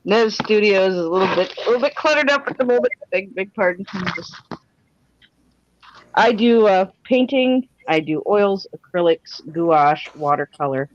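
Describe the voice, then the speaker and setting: A woman's voice: deep voice, no room sound. Woman, casual folksy artist guest, chatty and self-deprecating, dry lo-fi livestream sound. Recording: dry, dull lo-fi stream audio.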